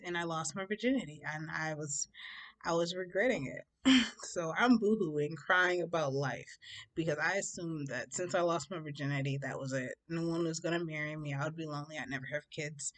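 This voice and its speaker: Brief: young woman, lowish voice, dramatic storyteller, laughs as she goes. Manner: animated, dramatic, laughs through the telling. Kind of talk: casual storytime vlog.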